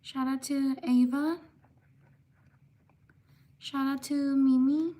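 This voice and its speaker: A woman with a high voice hosts a livestream, reading out viewers' names one by one. She talks slowly and in an even, level tone. She writes each name by hand as she goes and apologizes when she may get one wrong. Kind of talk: livestream shout-outs.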